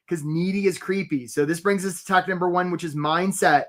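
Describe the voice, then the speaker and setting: A man, a career coach, hosting a live webinar in an energetic, chatty way and calling out attendees by name. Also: sits high, moderate pace.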